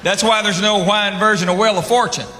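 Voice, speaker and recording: Recorded in a roomy theater full of audience laughter and background noise, a Southern-accented man from the United States does a stand-up set before a live audience, drawling through stories and laughing at his punchlines. He has a high voice that sounds pushed and bright, keeping a steady tone at a quick pace.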